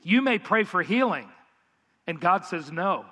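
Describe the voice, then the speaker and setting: High bright-voiced male preacher in reverb. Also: big pitch swings, unhurried. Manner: emphatic, asks the congregation questions. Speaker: pastor. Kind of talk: sermon.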